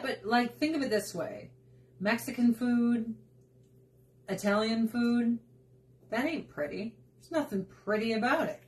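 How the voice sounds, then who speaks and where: A woman's voice: on the high side, lively intonation, unhurried, darkish tone. A young adult woman hosting a cooking vlog, chatting casually as she cooks, laughing often and slipping into playful voices. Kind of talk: casual chat while cooking.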